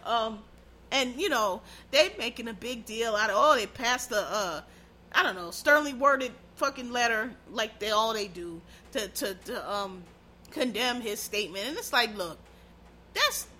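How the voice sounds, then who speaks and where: Woman, sarcastic casual rant, bright forceful tone, faint background noise. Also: on the high side, animated, unhurried. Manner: blunt, profane, heated and sarcastic. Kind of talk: casual ranting commentary.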